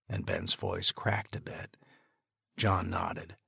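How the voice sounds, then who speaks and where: A man narrating an audiobook in a steady, even storytelling manner. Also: sits low, takes it slowly, gravelly, slightly rough, no echo, studio quality. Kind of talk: scripted narration.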